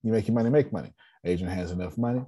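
A man's voice: lowish voice, very fast, dark tone, breathy edge. A man coaching an online business meeting in a blunt, joking way, repeating his phrases with a preacher-like rhythm. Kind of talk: animated motivational talk.

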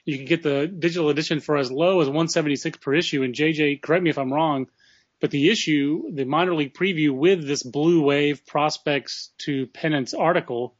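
A man's voice: a little high, fairly quick, no room sound. A man hosting a casual podcast chat, talking freely and reading a sponsor plug. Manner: chatty, reads sponsor plug. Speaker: podcast host. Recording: dull lo-fi audio.

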